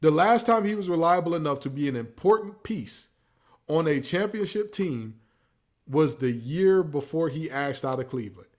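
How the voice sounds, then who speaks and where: Animated, preachy rants packed with mock quotes come from this sports talk podcast host. His voice is a little high and his pace moderate, and the show is casual.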